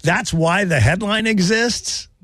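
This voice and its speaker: A man's voice: sits high, slow pace, fairly bright tone, no echo. Wry male radio host, casual banter, dry close sound. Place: radio studio.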